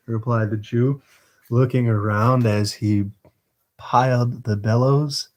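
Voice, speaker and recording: A man casually reading a novel aloud on a livestream, with relaxed, self-deprecating asides. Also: mid-range voice, takes it slowly. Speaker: livestream reader.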